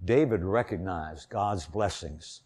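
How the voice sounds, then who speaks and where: An older man from Indiana preaching an earnest sermon, telling a personal story and swelling louder on key points. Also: low-pitched, slow.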